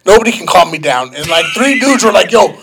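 A man telling a story in a casual, profane, animated way, as a podcast co-host. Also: high-pitched, quick pace, creaky, background noise.

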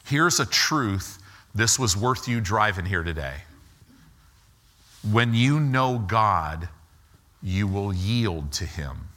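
A man preaching a sermon as pastor, slowing for emphasis and acting out quoted lines with rising and falling pitch. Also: animated, pushed and bright. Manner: slow deliberate emphasis.

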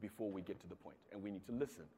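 A man's voice: low-pitched, racing, mellow, a little hiss or hum. A Zimbabwean man giving a talk to an audience, telling stories and acting out the voices he quotes. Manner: storytelling, acts out quoted voices. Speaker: speaker. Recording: long hall reverb.

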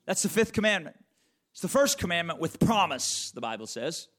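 Pastor, man, slightly high-pitched, emphatic preacher who repeats his points and calls on the congregation by name. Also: very animated, normal speed, a bit bright. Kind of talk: sermon.

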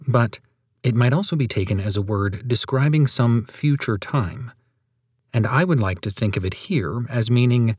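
A man reading a sermon aloud in a measured, solemn and emphatic way. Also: medium pitch, darkish tone, breathy edge, dry recording, studio quality. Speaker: reader of a sermon.

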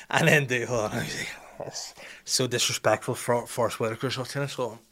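A man's voice: medium pitch, normal speed, pushed and bright. A man hosting a comic monologue, ranting irreverently, swearing often and laughing at his own jokes. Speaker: host.

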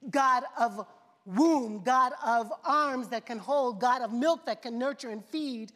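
Woman preacher, kinda high voice, repeats lines in a rhythm, big echoey church. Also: slow, a bit bright. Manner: preaching with rising, rhythmic repeated phrases and questions to the congregation. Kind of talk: sermon. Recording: long reverb of a large hall.

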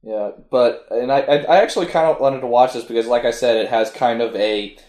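A man's voice: mid-range voice, brisk, darkish tone, echoey room. A man co-hosting a podcast, chatting casually about an anime he tried to watch, rambling and restarting his sentences. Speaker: podcast co-host. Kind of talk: casual chat reviewing an anime.

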